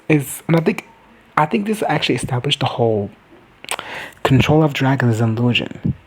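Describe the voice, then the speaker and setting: A man's voice: medium pitch, big pitch swings, brisk, pauses often. A young man recapping a TV episode in a profane, chatty comedy style, jumping in and out of silly character voices. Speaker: reaction video host.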